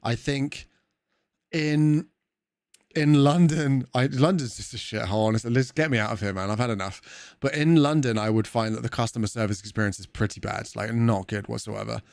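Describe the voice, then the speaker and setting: A man's voice: mid-range voice, moderate pace, vocal fry, a little mellow, dry recording, studio quality. A man chatting casually with viewers on a game livestream, rambling, swearing and laughing easily. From Wales. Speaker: gaming streamer.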